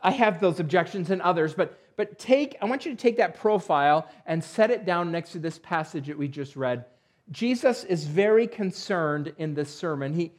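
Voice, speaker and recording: A man preaching a sermon to his congregation, conversational with dry asides and emphatic rhetorical questions. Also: sits high. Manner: conversational with dry asides and self-deprecating humor. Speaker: pastor.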